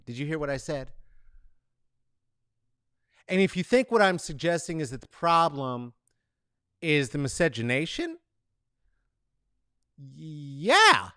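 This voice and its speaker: Speaking slowly with frequent pauses, a man whose voice sits on the high side rants his way through a casual comedy monologue as host. The recording is dry and studio quality. He swears, wanders off topic, and mock-boos and cheers, and he has called the San Francisco Bay Area home for decades.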